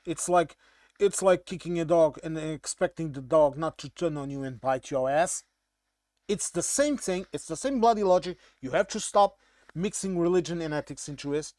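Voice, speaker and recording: Brief: Portuguese-accented man, blunt emphatic commentator, fairly high voice, dry close mic. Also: animated, normal speed, a little mellow, no echo. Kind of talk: casual monologue commentary.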